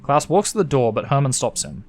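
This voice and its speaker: An Australian man reading a story game aloud, lively in pitch and loudness as he narrates. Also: fairly quick, soft background music. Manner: animated reading, shifting pitch and loudness for each character. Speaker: gaming YouTuber.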